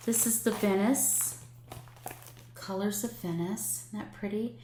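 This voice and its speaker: A woman in her sixties chatting warmly through her cross-stitch projects, gushing over patterns with plenty of ums. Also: medium pitch, fairly even intonation, measured pace. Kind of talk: casual show-and-tell chat. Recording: echoey room with faint noise.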